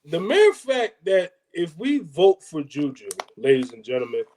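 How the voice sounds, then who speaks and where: A man co-hosting a casual podcast, throwing in quick mocking comments. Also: on the high side, wildly swooping pitch, a little mellow, a little hiss or hum. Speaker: podcast co-host. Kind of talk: casual comedic chat.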